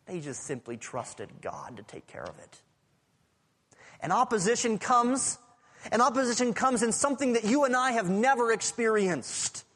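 A male pastor preaching a sermon, swinging between loud urgent passages and hushed, near-whispered lines. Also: sits high. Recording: preaching in a large reverberant hall.

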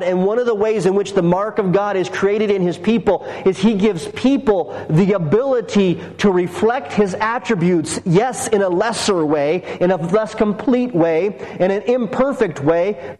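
A man's voice: sits high, darkish tone, big-room sound, poor audio. A man preaching a sermon, earnest and emphatic, building points through repeated phrases. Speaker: pastor.

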